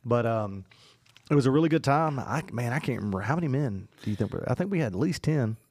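A man's voice: mid-range voice, lively intonation, fast, darkish tone, no room sound, studio quality. A man co-hosting a casual faith podcast, rambling with many fillers and restarts. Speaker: podcast co-host.

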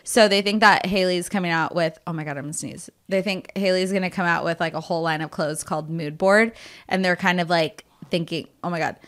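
A woman's voice: on the low side, fairly even intonation, a little fast, fairly bright tone. A young woman co-hosting a podcast, chatting casually and animatedly, swearing freely and acting out what others might say. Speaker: podcast co-host. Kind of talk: casual chat.

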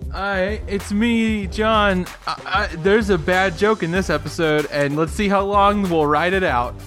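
Podcast cohost guy, high sharp voice, stumbles and restarts a lot. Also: unhurried, soft background music. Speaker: co-host. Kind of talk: casual comedy podcast chat.

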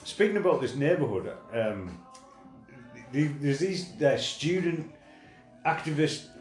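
A man's voice: fairly high pitch, sing-song, takes it slowly, reverberant, faint music behind. A man co-hosting a casual podcast, sweary and self-mocking, often restarting his sentences. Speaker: podcast co-host. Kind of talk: casual chat.

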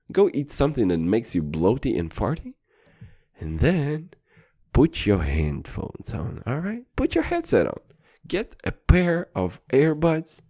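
A man's voice: lowish voice, dark tone. A man hosting a podcast, rambling through a crude, profane, boastful comedy rant. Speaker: podcast host.

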